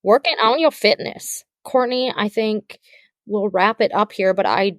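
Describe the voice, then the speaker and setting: A woman's voice: medium pitch, measured pace, no echo, clean studio sound. A young woman from Wisconsin who farms, co-hosting a podcast in an upbeat, chatty, agreeable way. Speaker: podcast co-host, farmer. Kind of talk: casual podcast chat.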